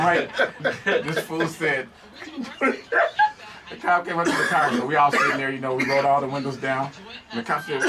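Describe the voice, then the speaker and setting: Laughing high-voiced male radio host. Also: fairly quick, distant mic, crowd noise. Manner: laughing storyteller, animated. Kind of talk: casual radio chat.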